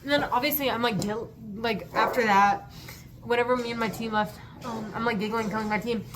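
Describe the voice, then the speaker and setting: A woman's voice: a little high, steady tone, a little fast, background noise. A woman telling stories in a casual vlog, gushing and giggly, rambling from one thing to the next. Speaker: student and vlogger.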